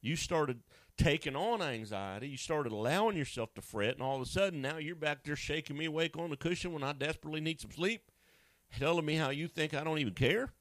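Male pastor, lively swooping delivery, dry booming close-up sound, jokey asides. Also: brisk, dry recording. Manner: animated, acts out voices with sudden high pitch jumps; conversational and joking, with asides to a co-host. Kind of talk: sermon.

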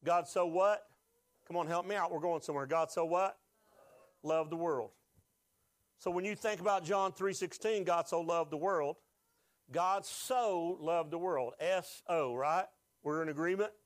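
A man's voice: on the high side, fairly even intonation, normal speed, no room sound. A pastor preaching a sermon, asking the congregation questions and rising with emotion as he is moved.

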